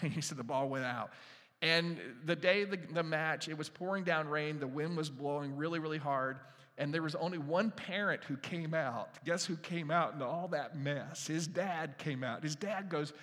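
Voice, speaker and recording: A man's voice: on the high side, moderate pace. Man preaching in a reverberant hall. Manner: conversational, warm storytelling with quiet drops for emphasis. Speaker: pastor. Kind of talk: sermon.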